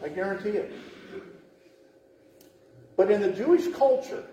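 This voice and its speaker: Middle-aged male pastor, high-pitched, chatty storytelling preacher, recorded from far off in a booming church hall. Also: measured pace, mellow, a little hiss or hum. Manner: chatty, laughing asides, acts out voices in stories. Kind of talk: storytelling sermon. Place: church sanctuary.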